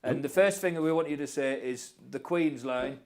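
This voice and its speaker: A man co-hosting a comic show, telling a tall tale in a mock-solemn, deadpan way with drawn-out punchlines. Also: mid-range voice. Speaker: co-host of a comic online show.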